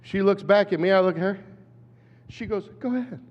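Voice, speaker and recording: A man in his fifties, an animated storyteller who acts out voices, giving a talk at a conference. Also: high voice, normal speed. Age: 50s. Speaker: conference speaker. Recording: dull hall recording with long reverb.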